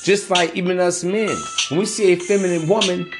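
A man's voice: high-pitched, fairly even intonation, a little fast, music in the background. A man hosting a podcast, giving blunt, profane dating advice in an emphatic, preachy street-talk manner. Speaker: podcast host. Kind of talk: motivational dating advice monologue.

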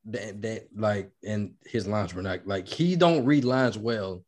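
A man's voice: fairly low pitch, measured pace, a little mellow. A man hosting a casual podcast, laid-back and profane as he leads each segment. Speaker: podcast host. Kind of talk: casual chat.

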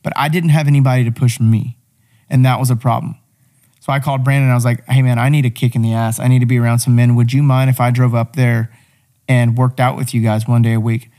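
A man's voice: medium pitch, fairly even intonation, a little fast, dark tone. A young man in casual podcast chat, blunt, profane and motivational as he tells a story.

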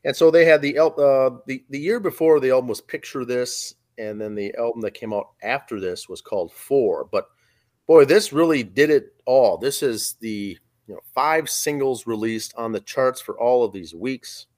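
A man's voice: mid-range voice, expressive, moderate pace. Easygoing man who repeats his words. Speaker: podcast co-host. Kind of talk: casual chat.

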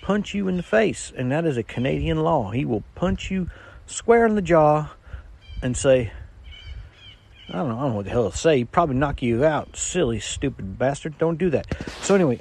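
A man's voice: fairly high pitch, expressive, moderate pace, gravelly, darkish tone. A man delivering a rambling, stammering comic monologue as a regular caller, losing his train of thought.

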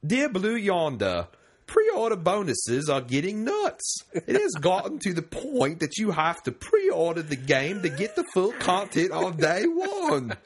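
A sick man reading a letter aloud in a deliberately botched jolly British accent that blends every accent together, slow and exaggerated. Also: sits high, wildly swooping pitch, slightly rough, voice pushed up, exaggerated voice. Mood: mock-pompous. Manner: slow, exaggerated, laughing through the lines.

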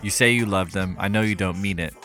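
Deep-voiced man narrating a scripted analysis. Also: over music. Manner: measured, reads from a script. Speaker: podcast host.

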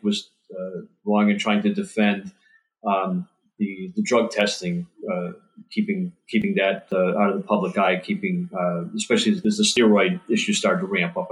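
A man's voice: lowish voice, low-quality recording. A man who writes books on baseball, answering interview questions in an earnest, thorough way. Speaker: baseball author guest.

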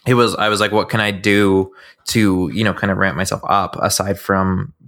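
A man's voice: deep voice, steady tone, moderate pace, fairly bright tone, no room sound, studio quality. A man co-hosting a gaming podcast, chatty with stumbling restarts. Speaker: podcast co-host. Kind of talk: casual gaming podcast chat.

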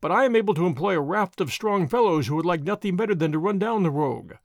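A man's voice: sits high, animated, fast talker, dry recording, studio quality. A man reading aloud as a languid, mocking young Spanish nobleman, in an old adventure storybook, with a drawling, idle delivery.

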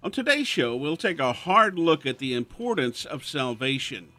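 A man's voice: on the high side, very animated, moderate pace, bright, forceful tone, dry recording, soft background music. Folksy man hosting a show. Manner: chuckling storyteller. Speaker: host. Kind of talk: folksy radio monologue.

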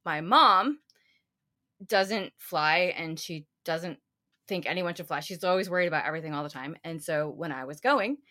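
A woman's voice: on the low side, normal speed, pushed and bright. A woman co-hosting a podcast, chatting casually and rambling through long stories. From United States. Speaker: podcast co-host. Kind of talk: casual chat.

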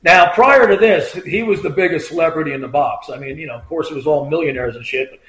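A man's voice: on the high side, fast talker, a bit bright. A middle-aged man, a retired trooper, telling stories in a loose, rambling way, full of fillers and acted-out quotes. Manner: rambling, filler-heavy, acts out quoted lines in a raised voice. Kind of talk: casual anecdotal storytelling. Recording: roomy echo.

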